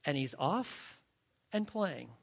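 A male pastor preaching a sermon and telling a story, swinging between hushed and loud delivery. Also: on the high side, big pitch swings, slow, vocal fry.

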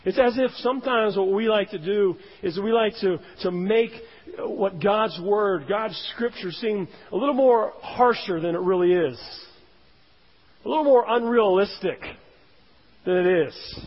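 A man's voice: high-pitched, a little slow. A man preaching a sermon as a pastor, emphatic, rising and dropping his voice to stress points. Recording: dull, roomy hall sound.

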